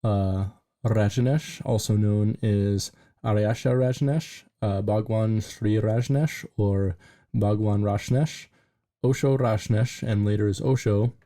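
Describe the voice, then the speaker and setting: A man's voice: fairly low pitch, steady tone, slow pace, warm tone. A man co-hosting a podcast in casual chat, talking in a loose, filler-heavy way and joking crudely. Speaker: podcast co-host.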